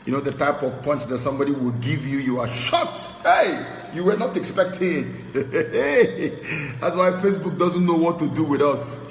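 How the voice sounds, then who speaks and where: A man from Nigeria preaching excitedly, breaking into sung hymn lines and rising loud and high as he mocks his critics. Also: fairly quick, hardly any pauses, reverberant, big-room sound, a little hiss or hum, rough recording. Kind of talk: celebratory preaching to camera.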